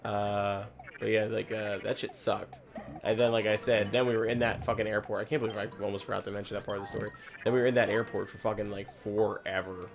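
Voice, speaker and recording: A man's voice: fairly low pitch, flat delivery, fast, vocal fry, music in the background. A man rambling through a casual story while playing a game, with constant "like" fillers and plenty of swearing. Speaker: gaming video host.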